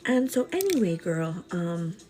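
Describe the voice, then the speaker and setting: A woman chatting casually with her livestream viewers over breakfast at home, animated and calling them "girl". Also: fairly low pitch, a little slow, music in the background. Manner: greets viewers by name mid-story. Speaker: livestream host. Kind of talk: casual chat while eating breakfast.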